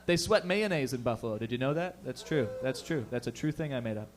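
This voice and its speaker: A man's voice: mid-range voice, expressive, fast. A young man doing a stand-up set, with profane, rambling, conversational talk. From Canada. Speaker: stand-up comedian.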